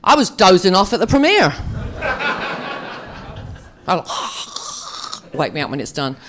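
An actress on a fan convention panel tells chatty, self-mocking stories to a live audience. Her voice is on the low side and very animated, her pace slow, with a noisy background.

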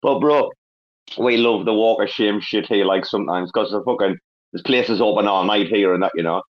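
A man's voice: fairly low pitch, normal speed, highs cut off. A man with an English accent hosting a casual online chat, swearing constantly and laughing as he tells stories. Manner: profane, laughing, storytelling with a northern English slang. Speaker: host. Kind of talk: casual crypto community chat.

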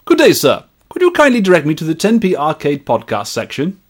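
A man voicing a pompous, indignant Victorian gentleman in a comedy sketch, with an affected posh manner. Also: huge pitch swings, brisk. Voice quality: haughty, booming, affected posh.

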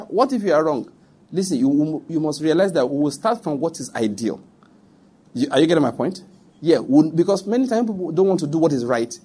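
A man's voice: a little high, a little mellow, breathy edge. A middle-aged Nigerian man preaching a sermon, emphatic and direct, repeating his points and speaking straight to his listeners.

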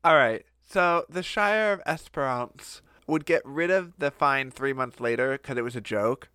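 A man's voice: mid-range voice, animated, unhurried, pushed and bright, smooth, no echo. A man co-hosting a podcast, telling a story in casual comedic chat, laughing often and putting on goofy voices. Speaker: podcast co-host.

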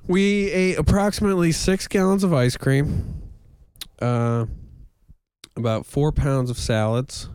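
A man co-hosting a podcast in casual chat, joking around in a playful deadpan way. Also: fairly high pitch, measured pace, clear, resonant tone, no room sound, clean studio sound. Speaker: podcast co-host. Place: houseboat cabin.

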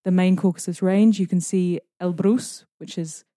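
Young British woman, guest on a podcast, enthusiastic, mellow tone, dry sound. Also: fairly low pitch, fairly even intonation, normal speed, no room sound. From Britain. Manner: descriptive, enthusiastic storyteller. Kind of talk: casual podcast conversation.

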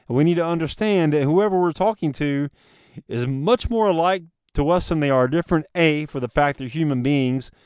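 A man's voice: fairly high pitch, a little mellow, clean tone, no room sound, clean studio sound. Earnest man hosting a motivational podcast. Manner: earnest, casual, addresses listeners as guys. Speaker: podcast host. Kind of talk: motivational solo podcast talk.

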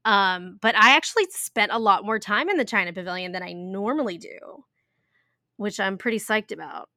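A woman's voice: medium pitch, lively intonation, normal speed, sharp tone, no echo, studio quality. A woman in her thirties chatting casually as a podcast co-host, giggly and full of fillers. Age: 30s. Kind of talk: casual chat.

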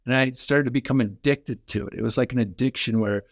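A middle-aged man from Canada, a former pro hockey player, telling energetic, fast-flowing stories in a podcast interview. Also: mid-range voice, creaky, dry recording, clean studio sound. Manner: energetic, fast-flowing anecdotes with quoted dialogue. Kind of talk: animated storytelling in a podcast interview.

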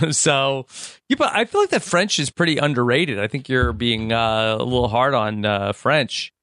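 A man co-hosting a podcast, chatting casually about a reality show, easygoing and halting, with lots of agreeing murmurs. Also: medium pitch, sing-song, fairly bright tone, smooth, no echo, studio quality. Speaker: podcast co-host.

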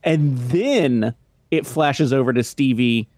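A man co-hosts a film review podcast, recapping scenes casually and laughing mid-sentence in a chatty way. His voice is medium pitched, slow and a little mellow, recorded at studio quality with no echo.

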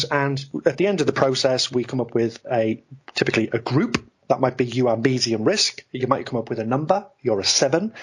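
A man, a guest on a podcast interview, explaining ideas in an animated, talkative way. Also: mid-range voice, slightly rough. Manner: animated, explanatory, self-deprecating about ranting. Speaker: guest, investment expert.

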